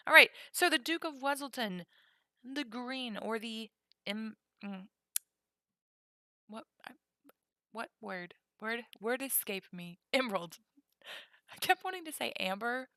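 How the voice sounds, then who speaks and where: Chatty woman streamer, playful, bright voice, dry close sound. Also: on the high side, dry recording. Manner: chatty and playful, whispers while counting cards. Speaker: streamer cataloging trading cards. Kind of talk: casual live-stream chat.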